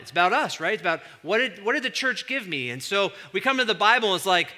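A man preaching a sermon as pastor, in a conversational, animated way that acts out quotes. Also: sits high, fast, few pauses.

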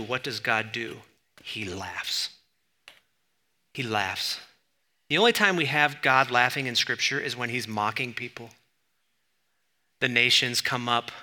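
A male pastor teaching in a very bright, sharp tone. He talks through his sermon conversationally, then leans hard on key words with sudden emphasis. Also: mid-range voice.

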